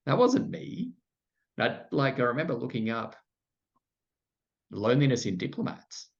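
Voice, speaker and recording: A middle-aged Australian man with a mid-range, sing-song voice speaks unhurriedly as a podcast guest. He candidly tells his story in conversation, peppering it with "like" and self-deprecating asides, on a muffled lo-fi recording.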